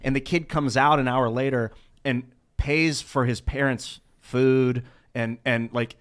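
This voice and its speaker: Rambling, halting podcast man. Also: medium pitch, steady tone. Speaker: podcast panelist. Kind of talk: casual chat.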